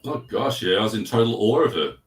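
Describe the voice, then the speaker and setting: Male guest, physiotherapist, low voice, earnest with dry wit; echoey room, distant mic. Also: lively intonation, fast. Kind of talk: casual interview chat.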